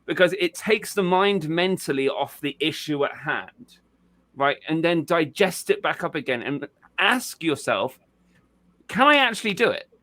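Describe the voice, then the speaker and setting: A man's voice: a little high, lively intonation, measured pace, a bit bright. Chatty man hosting a podcast, swearing freely. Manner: casual, swears freely, repeats words. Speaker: podcast host. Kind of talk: casual podcast chat.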